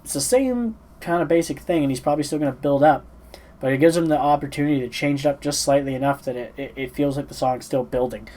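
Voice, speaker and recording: A man's voice: fairly high pitch, fast, warm tone, rough recording. Sleepy, rambling man reacting to music. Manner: rambling and hesitant, many fillers and restarts. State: sleepy, yawning. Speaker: music reaction channel host. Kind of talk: casual reaction commentary.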